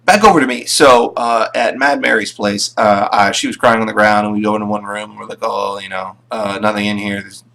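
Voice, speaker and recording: A man's voice: on the low side, fairly quick, gravelly, hardly any pauses, sharp tone. A man casually recapping his tabletop game sessions, rambling with plenty of fillers. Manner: rambling, full of fillers and restarts.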